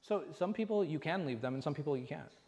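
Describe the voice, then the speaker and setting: A man's voice: fairly high pitch, animated, quick pace, darkish tone. A man, an imam, teaching a conversational religious class and often asking the room rhetorical questions. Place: mosque class hall. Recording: reverberant hall.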